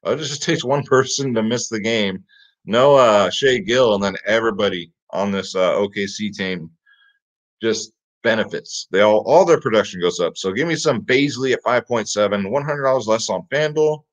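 A lowish-voiced man at a moderate pace gives a hyped, casual fantasy picks rundown as host. He often repeats "guys" and "get him in there," with slightly dull lo-fi audio.

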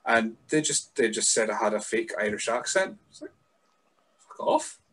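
A man with a light Scottish accent hosting a casual podcast chat over a remote call, self-mocking and quick, with lots of stammered restarts and the odd swear. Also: fairly low pitch, a bit bright, a little hiss or hum. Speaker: podcast host.

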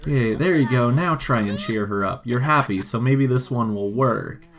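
A gaming video host with a medium-pitched, fairly bright voice speaks at normal speed, giving casual, joking let's-play commentary while playing a life-sim game and talking to its characters.

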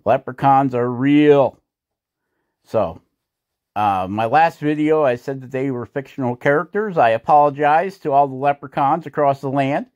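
A man's voice: mid-range voice, normal speed, a little mellow, dry recording, muffled recording. A man hosting a woodcarving channel, talking through a carving tutorial in a folksy, joking, chatty way. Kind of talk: casual carving tutorial narration.

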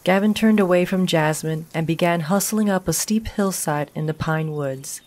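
A woman narrating a horror short story in a calm, even storytelling voice. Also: on the low side, normal speed, no room sound.

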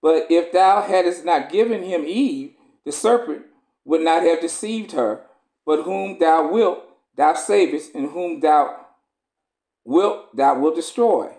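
A man's voice: fairly high pitch, takes it slowly, darkish tone. A man reading aloud the pleading lines of a male prophet in archaic scripture language. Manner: reads archaic scripture, rising pleas. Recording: roomy echo.

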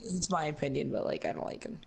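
A man's voice: a little high, fast talker, creaky, a little mellow. A young man chatting casually and laughing while playing a game, freely sharing opinions, on a noisy home recording. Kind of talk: casual gameplay chat.

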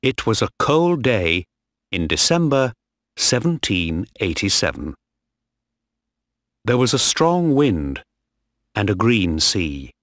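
A man reads a simple story for English learners, pausing between short, clear phrases. His voice is low and very slow, with a lively rise and fall. The sound is dry and close. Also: no echo. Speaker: narrator.

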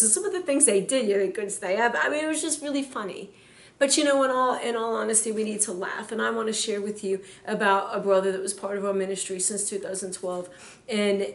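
A middle-aged woman minister preaching and telling funny stories with lots of laughter. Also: a little high. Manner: animated, laughing storyteller. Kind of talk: sermon storytelling. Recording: echoey room, faint background noise.

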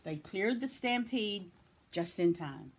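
Husky woman reading a picture book aloud. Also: medium pitch, slow. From Tennessee. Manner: expressive storytelling. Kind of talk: children's read-aloud.

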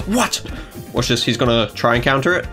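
Excitable young man commentating gameplay. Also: mid-range voice, normal speed, soft background music. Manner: excitable, yelps and gasps at plays, trash talk. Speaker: gaming YouTuber.

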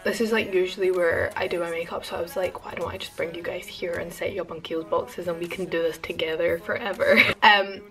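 A young woman chatting fast and casually through a makeup routine in her attic bedroom, full of fillers and self-deprecating asides. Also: fairly low pitch, little pitch movement, soft background music. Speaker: beauty vlogger. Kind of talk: casual get-ready-with-me chat. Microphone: camera on boxes at bed's end.

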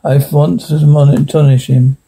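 A man with a gravelly, dark, husky voice reads a horror tale in the first person. He sits a little high for a man and reads haltingly, tripping over words and starting them again. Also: level tone. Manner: halting, stumbles and restarts words. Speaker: horror story reader.

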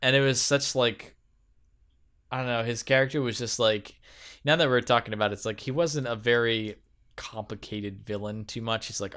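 A man's voice: medium pitch, steady tone, normal speed, a bit bright, clear, resonant tone. Hesitant male podcast co-host. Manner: hesitant, with many ums and restarts. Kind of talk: casual chat.

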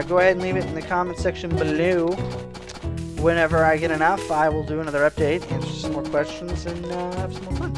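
Loud, excitable young man narrating gameplay. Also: high-pitched. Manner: loud, excitable, bursts into yelling. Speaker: let's play commentator. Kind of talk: casual gameplay commentary. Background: faint game music.

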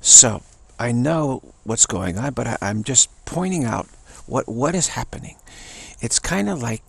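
A man's voice: medium pitch, expressive, unhurried, creaky, slightly rough, dry recording. A man giving a rambling spiritual talk, telling a story and repeating phrases for emphasis. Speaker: spiritual teacher.

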